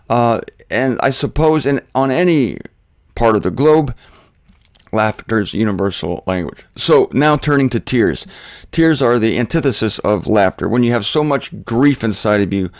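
Emotional older man preaching, dry close sound. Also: no room sound. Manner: emotional, rambling with frequent restarts and wide swings in pitch. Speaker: pastor. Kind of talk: sermon.

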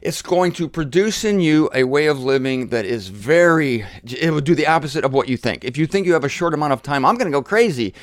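A man's voice: on the high side, lively intonation, a little fast, hardly any pauses, no room sound, clean studio sound. Emphatic man preaching with blunt repetition. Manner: forceful, repeats phrases for emphasis, blunt and provocative. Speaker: host of a daily Bible teaching show. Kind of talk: emphatic Bible teaching monologue.

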